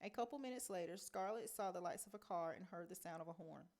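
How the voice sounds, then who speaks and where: A woman teacher reading a novel aloud in a measured storytelling manner. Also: lowish voice, darkish tone.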